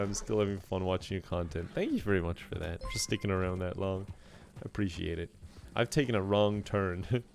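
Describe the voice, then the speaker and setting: A man with a fairly low, creaky voice streams a game and chats casually with his viewers. He rambles, laughs often, and reads out donations from chat, thanking everyone who gives.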